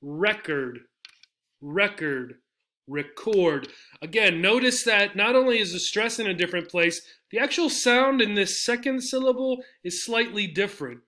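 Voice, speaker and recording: A man's voice: high voice, normal speed, few pauses, sharp tone. A man teaching an English pronunciation lesson, speaking patiently and repeating each model word several times. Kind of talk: slide-based pronunciation lesson.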